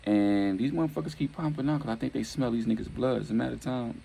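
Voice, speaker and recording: A man's voice: medium pitch, fast, vocal fry, dark tone, slight background noise, rough recording. A man telling a gritty street story casually, full of slang, slipping in and out of quoted dialogue.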